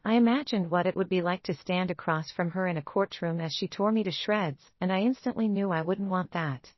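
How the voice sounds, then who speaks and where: Woman narrator, first-person story, even telling, muffled dry recording. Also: on the low side, fairly quick, dry recording.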